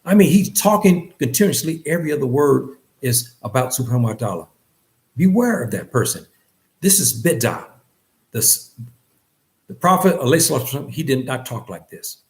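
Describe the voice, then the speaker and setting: A man teaching a lesson on faith in an earnest lecture style, repeating phrases and rising in pitch on key points. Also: sing-song, brisk. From West Africa. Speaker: religious teacher.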